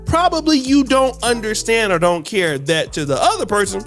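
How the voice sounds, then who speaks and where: A man's voice: sits high, expressive, normal speed, fairly bright tone. Blunt man host lecturing over music. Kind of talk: reaction commentary.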